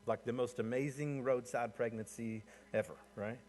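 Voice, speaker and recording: Guy giving a sermon, mid-pitched voice, talks it through casually like he's chatting with the room. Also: fairly even intonation, moderate pace, a little mellow, slight background noise. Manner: conversational, rising in pitch and energy as he builds points. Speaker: pastor.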